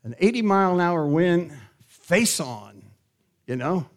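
A middle-aged man preaching a sermon as pastor, asking the congregation questions and rising to loud, emphatic calls. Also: on the high side, animated, measured pace.

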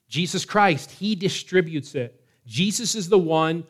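A man preaching a sermon in a measured way, slowing down to stress key words. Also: fairly high pitch, lively intonation. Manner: measured preaching, slows for emphasis. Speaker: pastor.

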